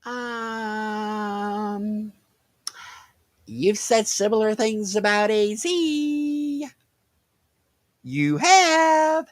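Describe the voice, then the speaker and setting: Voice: medium pitch, fairly even intonation, extremely slow. A reaction commentator with a sarcastic, mocking way of talking.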